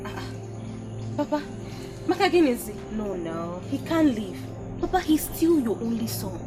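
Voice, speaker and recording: A woman's voice: fairly high pitch, sing-song, moderate pace, over music. An actress playing a daughter pleading for her brother, with a Nigerian accent.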